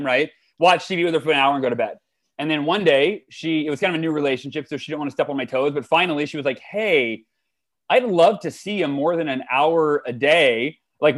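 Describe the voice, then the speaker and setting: A man in his forties, a guest in a conversation, telling personal stories with enthusiasm and often repeating words as he starts a thought. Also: on the high side. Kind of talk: conversational storytelling.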